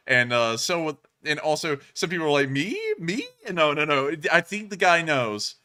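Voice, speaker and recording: A man in his twenties co-hosting a live stream, chatting casually and rambling with lots of fillers and restarts, deliberately raising his pitch. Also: pushed and bright, clean tone. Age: 20s. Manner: speaks in a deliberately raised pitch. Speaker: stream co-host.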